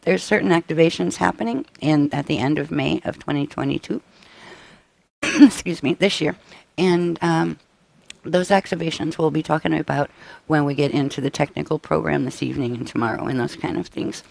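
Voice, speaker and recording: Guy, gravelly, coughing his way thru a workshop briefing, kinda high, dry close sound. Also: darkish tone, no echo. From United States. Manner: halting, frequent restarts and throat clearing; tired, up all night. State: coughing, voice giving out. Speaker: workshop presenter. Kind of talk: live-stream workshop briefing.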